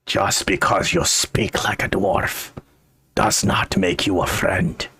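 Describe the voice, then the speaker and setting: A man's voice: low-pitched, fairly even intonation, takes it slowly, bright, forceful tone, breathy edge, voice pushed down, heavily acted. A man voicing a mad, blind old dwarf warrior who speaks in archaic, theatrical phrases. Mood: defiant.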